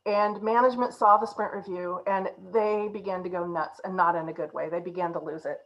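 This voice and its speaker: This agile coach speaks fairly quickly in a fairly low voice, and the audio is dull. During her conference talk she tells a story with lively impressions of the people involved, leaning on "right?" and "you know" throughout.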